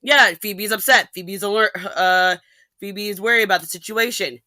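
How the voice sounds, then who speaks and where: A woman ranting animatedly in a casual podcast chat, with quick asides and restarts. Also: medium pitch, sharp tone, no echo. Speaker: podcast guest.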